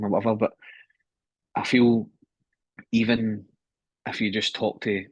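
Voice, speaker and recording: A man's voice: lowish voice, flat delivery, unhurried, husky, no room sound, highs cut off. A man in his thirties talking candidly as a podcast guest, swearing freely and calling his host mate, heard through a phone. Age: 30s. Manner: candid, swears often, keeps saying mate. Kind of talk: casual conversation.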